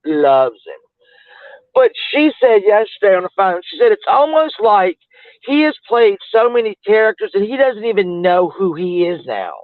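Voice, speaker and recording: A man's voice: high voice, very animated, normal speed, dry recording. A man chatting casually on a livestream, rambling and greeting viewers as he goes. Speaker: livestream host. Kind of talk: casual chat commentary. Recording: tinny phone-like, dry.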